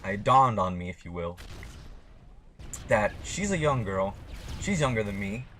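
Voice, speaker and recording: Young male vlogger, slightly low voice; loose, profane, blunt storytelling. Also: very animated, measured pace, fairly bright tone, a little hiss or hum. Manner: rambling, swears a lot, blunt. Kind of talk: casual storytelling to camera.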